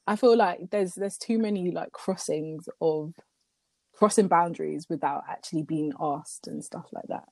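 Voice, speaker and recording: A young woman leading a relaxed group chat, her talk full of "like" fillers. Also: on the low side, normal speed, creaky, no echo.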